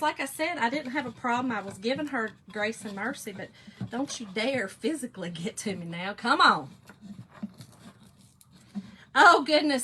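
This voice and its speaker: With a Southern US accent, a woman works on a craft project while chatting and telling stories to her livestream viewers, whom she calls "y'all." Talkative and laughing often, she has a high, pushed, bright voice.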